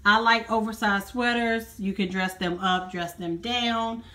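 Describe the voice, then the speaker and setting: A woman's voice: medium pitch, fairly even intonation, measured pace, sharp tone. A woman chatting casually in a fashion vlog from her bedroom at home, slightly out of breath and often apologizing to her viewers. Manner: chatty, apologetic, addresses viewers as guys and y'all. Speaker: vlogger.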